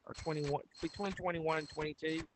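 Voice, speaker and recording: A woman's voice: low-pitched, steady tone, a little fast, a little hiss or hum. A woman with a Mississippi Southern accent chatting plainly in a game, retelling her stories. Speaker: fellow player. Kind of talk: casual chat in game voice chat.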